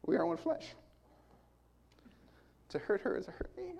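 A man's voice: sits high, very animated, measured pace, creaky, a little mellow. Earnest man preaching a sermon. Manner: earnest, emphatic, building repetition.

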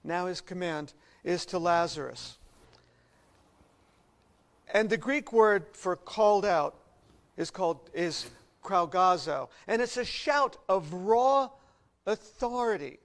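A man preaching a sermon, earnest and expressive, dropping to quiet reflection and rising to loud emphasis. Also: high-pitched, slow pace, pauses often, low-quality recording.

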